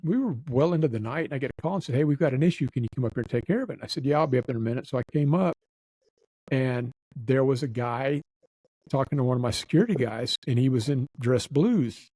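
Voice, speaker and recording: A man's voice: medium pitch, lively intonation, quick pace, dark tone, no echo, poor audio. A man telling a long story in casual chat, acting out the people he quotes. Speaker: nightclub manager telling stories.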